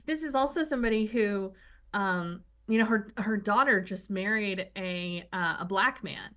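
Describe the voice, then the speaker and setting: A woman's voice: mid-range voice, moderate pace, bright, forceful tone. A woman co-hosting a casual political talk show, blunt and opinionated, talking in long runs. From United States. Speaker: co-host.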